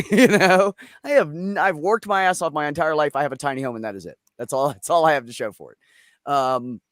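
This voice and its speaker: A man's voice: fairly high pitch, brisk, dry recording, clean studio sound. Blunt, profane middle-aged man on a live chat. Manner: blunt, profane, joking storyteller. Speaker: livestream host. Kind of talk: casual live chat with callers.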